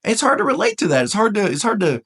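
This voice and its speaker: A man with a high, quick, husky voice gives a casual spoken lesson on the Enneagram. Speaking animatedly and directly to the viewer, he reads passages from a book aloud and comments on them.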